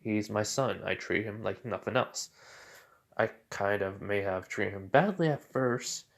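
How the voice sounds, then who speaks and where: A man voicing a proud, relaxed adult ninja father in a fan-made story retelling, in nearly his own voice. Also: on the low side, a little slow, gravelly. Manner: relaxed, boastful, plain retelling.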